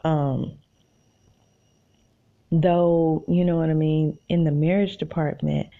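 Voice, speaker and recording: Low gravelly woman, animated and rambling. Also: slow pace, narrow, tinny audio. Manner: animated, self-encouraging, rambling. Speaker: podcast host. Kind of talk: casual solo podcast monologue. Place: in bed at home.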